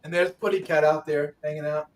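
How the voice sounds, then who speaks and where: A man with a New York accent hosts a casual livestream chat. His voice sits notably high for a man, and he talks in a brash, profane, repetitive way. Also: steady tone, a little fast, far from the mic. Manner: brash, loud and repetitive, swearing often. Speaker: livestream host.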